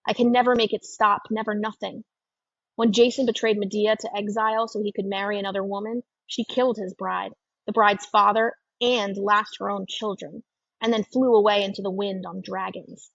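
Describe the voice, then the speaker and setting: A woman narrates an audiobook in a steady, measured first-person reading. Her voice is gravelly and husky. It is close and dry, on a dull lo-fi recording. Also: mid-range voice, no echo.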